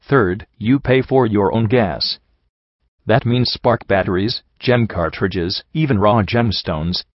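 A man's voice: fairly low pitch, slow, dry recording. Man reading as a blunt mare boat captain. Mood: stern. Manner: blunt, laying down rules. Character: tough female pony riverboat captain, bossy. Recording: dull lo-fi dry recording.

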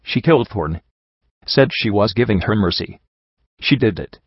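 A man voicing Blackjack, a hoarse guilty mare. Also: on the low side, animated, normal speed, no room sound, lo-fi sound. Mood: grim. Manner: rasping and firm. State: hoarse, with a bruised throat. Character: hoarse, guilt-ridden young mare, the story's teller.

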